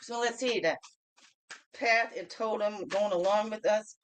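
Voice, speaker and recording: A woman with a mid-range voice hosts a daily reflection show, talking unhurriedly through her spiritual card reading. She keeps checking in with "okay?", laughs often, and shifts between loud bursts and soft asides.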